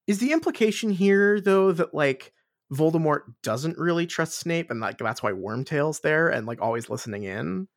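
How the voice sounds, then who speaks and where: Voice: medium pitch, expressive, moderate pace, no room sound, studio quality. A podcast co-host rambling through a book discussion, repeating words and laughing often.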